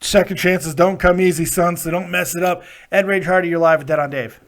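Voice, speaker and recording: A man's voice: high-pitched, fairly even intonation, a little fast. A man hosting a live call-in wrestling review show, chatting casually with callers, emphatic and playful, swearing freely.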